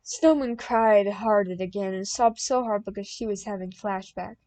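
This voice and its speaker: A young woman reading a fan-written story aloud as an audiobook, plain and deadpan, bursting out loud in the dialogue. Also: medium pitch, moderate pace. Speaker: audiobook reader.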